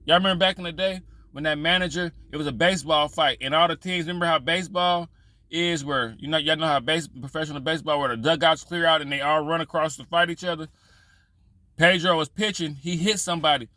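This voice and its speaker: A man's voice: on the high side, fairly even intonation, quick pace, sharp tone, no echo. A man vlogging in casual storytelling style, loose and profane, rambling with frequent restarts.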